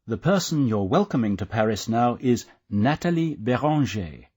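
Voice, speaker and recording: Husky male language-course narrator. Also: mid-range voice, very animated, darkish tone. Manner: clear, measured teacher's delivery. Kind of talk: scripted instructional narration.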